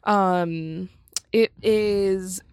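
A young woman co-hosts a casual podcast, talking through film picks in an easygoing, chatty way. Her voice sits at a middle pitch and sounds dry and close to the mic, with no room around it. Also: very slow, clear, resonant tone, dry recording. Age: young adult. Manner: relaxed, chatty, lots of fillers and laughs. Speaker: podcast co-host. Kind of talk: casual movie recommendation chat.

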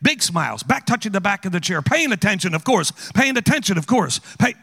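Guy guest preacher in a church, high bright voice all over the place, joking around with the crowd. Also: brisk, few pauses, breathy edge, in a large hall. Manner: animated, teasing, calls out to the audience. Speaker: guest speaker. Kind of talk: playful sermon with audience interaction. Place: church auditorium.

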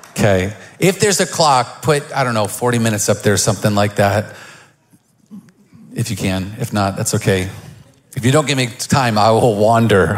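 A middle-aged man preaching a sermon as pastor in a church, joking and telling stories before building to fervent preaching. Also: medium pitch. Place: church stage.

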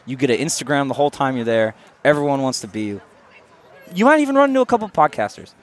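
A man's voice: mid-range voice, fast. A man co-hosting a podcast, bantering crudely and telling stories while standing in line outdoors on a city street. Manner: joking, crude, lively storyteller. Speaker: podcast co-host. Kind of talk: casual banter.

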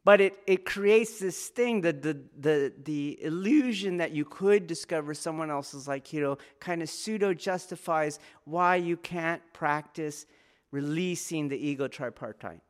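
In an unhurried, earnest lesson, a martial arts teacher speaks with a slightly higher-pitched voice. He presses his point home by repeating key phrases and asking his listener one rhetorical question after another.

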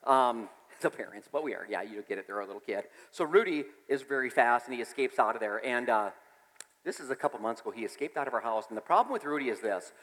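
Pastor, male: bright, animated delivery, big pitch swings, church reverb. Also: fast. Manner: animated storytelling, breaks into song and shouts. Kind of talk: sermon.

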